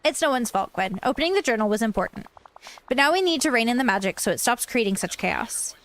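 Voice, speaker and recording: A woman reading aloud the lines of a calm, encouraging young princess from a game, in a reassuring way. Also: fairly high pitch, quick pace.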